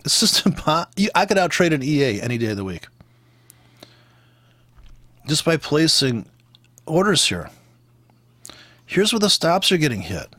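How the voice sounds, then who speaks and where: A man delivers blunt trading commentary, swearing freely and sounding exasperated. His voice sits a little high and swings widely in pitch. It is recorded close and dry, with no room sound. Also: sing-song, unhurried, long pauses, bright, forceful tone, dry recording. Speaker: forex trader teaching. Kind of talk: ranting trading commentary over charts.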